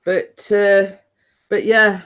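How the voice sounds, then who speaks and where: A woman's voice: medium pitch, level tone, drawn-out words, a bit bright, clean tone, highs cut off. A woman hosting a casual livestream chat from her home computer desk, rambling with restarts. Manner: chatty, rambling with frequent restarts and laughs. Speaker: livestream host.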